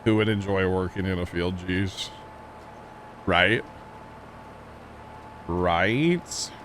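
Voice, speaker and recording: A man's voice: sits low, extremely slow, a bit bright, a little hiss or hum. A man livestreaming a farming game, talking casually and rambling to his chat, chuckling often. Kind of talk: casual chat while playing.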